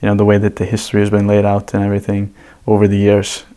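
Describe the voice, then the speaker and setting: A man's voice: lowish voice, completely flat delivery, fast talker, dark tone, smooth. A man as a guest on a podcast, explaining his ideas casually and at length with examples. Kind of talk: casual conversational interview.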